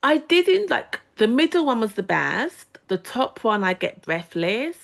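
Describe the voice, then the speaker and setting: A woman's voice: a little high, big pitch swings, measured pace, gravelly. A woman taking part in an online workshop, chatting in a giggly way. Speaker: workshop participant.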